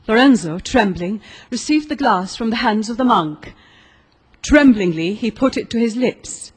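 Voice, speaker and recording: A woman narrating a gothic story as an audiobook reader, in a steady, expressive storytelling manner. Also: fairly high pitch, a little slow, breathy edge.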